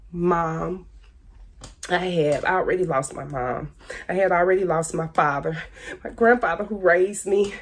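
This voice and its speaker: A woman's voice: on the high side, breathy edge. Woman venting candidly about her ex. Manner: candid, repetitive, pointed, Southern-tinged informal grammar. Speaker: speaking out about her ex-husband. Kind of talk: emotional personal testimony.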